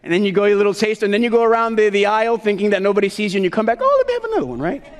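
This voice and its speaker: A Puerto Rican man with a very high, resonant voice delivers a loud, emphatic sermon, talking very fast and clearly in a level tone. Again and again he calls out to the congregation for answers, his words ringing through a large hall with long reverb.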